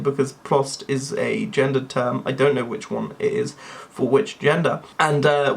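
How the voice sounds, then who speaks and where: A man's voice: mid-range voice, normal speed, gravelly. A young man talking to camera in a rambling, tangent-prone monologue. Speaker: YouTuber.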